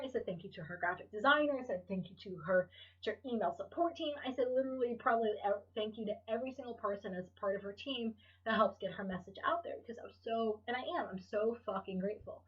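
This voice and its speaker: A woman's voice: mid-range voice, breathy edge, recorded from a distance, muffled recording. A woman hosting her own podcast, talking candidly and emotionally, swearing freely and rambling with restarts. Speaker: podcast host. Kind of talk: candid solo podcast monologue.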